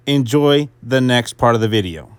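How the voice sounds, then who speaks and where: Young male vlogger, casual self-mocking voice-over, mid pitch. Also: expressive, normal speed, clean tone, no echo. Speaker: motorcycle vlogger.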